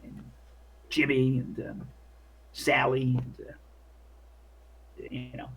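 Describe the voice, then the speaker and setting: A man's voice: mid-range voice, completely flat delivery, takes it slowly, slightly rough. A man doing a jittery Brooklyn bellhop. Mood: evasive. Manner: jittery, stammering, eager to please. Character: nervous young male hotel worker, Brooklyn accent.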